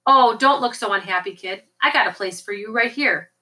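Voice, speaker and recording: A woman's voice: medium pitch, moderate pace, sharp tone, close to an everyday voice. A woman reading the lines of a sly, treacherous male servant who talks in a wheedling, boastful way. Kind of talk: audiobook character reading.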